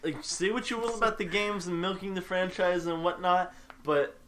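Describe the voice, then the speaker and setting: Animated laughing podcast guy. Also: sits high, normal speed, slight background noise. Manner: animated, laughing, acts out game voice lines. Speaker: podcast co-host. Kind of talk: casual chat.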